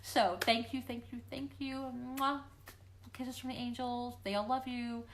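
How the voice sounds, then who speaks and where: A woman hosts a weekly live question-and-answer stream on a computer microphone, talking casually and encouragingly to viewers and playfully acting out quoted voices. Her voice is on the high side, unhurried, with fairly even intonation and slight background noise.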